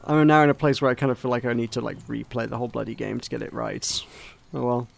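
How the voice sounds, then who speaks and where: A man's voice: medium pitch, steady tone, fast, vocal fry, soft background music. A man giving casual gameplay commentary as a let's play gamer, rambling and self-mocking.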